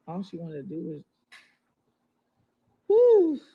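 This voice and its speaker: A woman's voice: low voice, normal speed, phone-quality sound, slight background noise. A mother talking to viewers on a livestream, rambling and emotional, often turning to the audience with y'all. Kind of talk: casual livestream talk to viewers.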